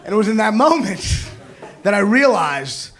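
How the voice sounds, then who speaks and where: A young man doing a stand-up comedy set on a club stage, animated and mock-indignant, jumping into quick character bits. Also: sits high. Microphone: handheld stage mic. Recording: live club recording with crowd noise. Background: audience laughter.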